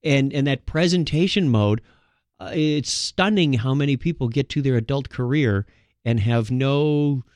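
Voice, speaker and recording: A man's voice: mid-range voice, measured pace, a little mellow, dry recording, studio quality. A man hosting a solo podcast, talking casually and rambling, with frequent restarts. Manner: rambling, with many restarts and filler words. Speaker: podcast host.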